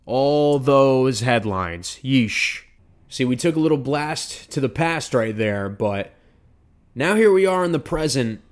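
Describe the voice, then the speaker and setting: A man's voice: medium pitch, expressive, takes it slowly. A man hosting a podcast, ranting in a sarcastic, heated and repetitive way. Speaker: podcast host. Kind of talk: ranting commentary.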